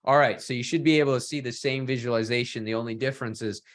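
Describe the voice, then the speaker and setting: A man leads an online data visualization workshop, talking in a mid-pitched voice. He poses questions to his viewers and keeps checking in with them. He often ends a thought with a quick "right?". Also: fairly even intonation. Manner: asks the audience, often adds "right?". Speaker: workshop instructor.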